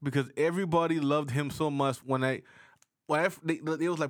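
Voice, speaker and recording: A man from Charleston, South Carolina, co-hosting a podcast in relaxed casual chat, rambling with restarts as he tells stories. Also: a little high, brisk, dry recording, clean studio sound. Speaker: podcast co-host.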